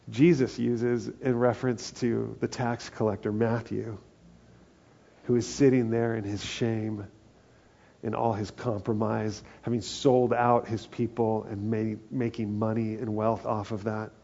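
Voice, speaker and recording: A man's voice: medium pitch, vocal fry, mellow, muffled recording. A man preaching a sermon as pastor, earnest and building to emphatic peaks.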